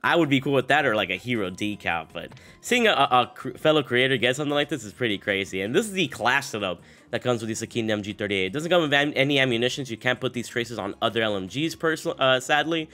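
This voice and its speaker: A young man narrates a gaming video in a casual, upbeat way despite a sick voice. He rambles a little, with frequent fillers and restarts. His pitch sits in the middle range for a man. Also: animated, fast, sharp tone. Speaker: gaming YouTuber.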